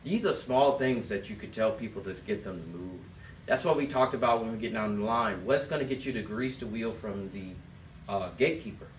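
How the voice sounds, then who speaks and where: A man's voice: lowish voice, brisk, slight background noise. A man teaching a sales class, giving direct instructions and telling listeners to write things down. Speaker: sales trainer. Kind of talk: sales coaching talk. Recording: echoey room, distant mic.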